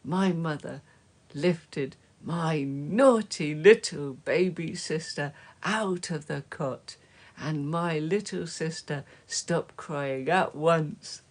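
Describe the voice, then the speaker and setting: A woman reading a children's story aloud, slow and gentle, dropping to soft whispers at times. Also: low-pitched. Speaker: storybook reader.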